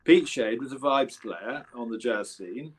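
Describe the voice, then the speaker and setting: The audio is poor, and the man's medium-pitched voice has a breathy edge as he speaks a little slowly. He's an English musician in his seventies, a guest in a casual interview, telling rambling anecdotes and correcting himself along the way.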